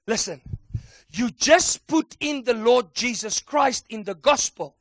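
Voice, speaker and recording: A man preaching a sermon with emphatic call-and-response delivery that builds to excited shouts. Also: high-pitched, measured pace, slightly rough, no room sound, studio quality.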